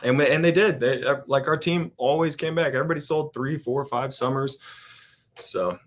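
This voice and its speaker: A man's voice: medium pitch, normal speed. A man as a podcast guest, telling stories in a rambling, casual way with lots of fillers and restarts. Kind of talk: casual storytelling chat.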